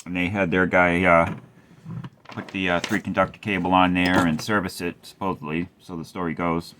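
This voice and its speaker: Deep-voiced middle-aged amp tech, wry and rambling, faint hum in the room. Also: male voice, level tone, moderate pace, sharp tone. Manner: rambling, wry, swears casually. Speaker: amplifier repair host. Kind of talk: casual workshop tutorial.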